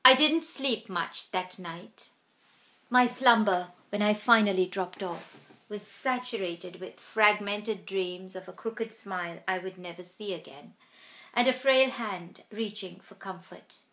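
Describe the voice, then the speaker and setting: A middle-aged woman reads her own memoir aloud in an unhurried, sorrowful audiobook style. Her voice sits in an ordinary middle register, and at the most painful passages it sinks to a breathy whisper. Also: mid-range voice, pushed and bright. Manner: slow, somber, sinking to whispers in emotional passages.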